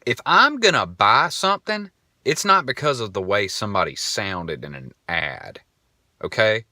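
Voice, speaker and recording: Animated low-voiced young man. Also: normal speed, no room sound, clean studio sound. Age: 20s. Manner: animated, rambling storytelling. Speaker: podcast host. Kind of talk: casual monologue.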